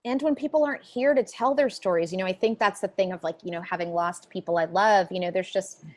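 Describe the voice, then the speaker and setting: A woman's voice: medium pitch, fast talker. A woman guest in an interview, a writer and book editor, speaking in a reflective, conversational way with frequent "like" and "you know".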